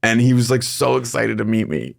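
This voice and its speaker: A man's voice: mid-range voice, animated, fairly quick, gravelly. A man hosting a podcast, telling casual anecdotes in a rambling, self-interrupting way. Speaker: podcast host. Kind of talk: casual chat.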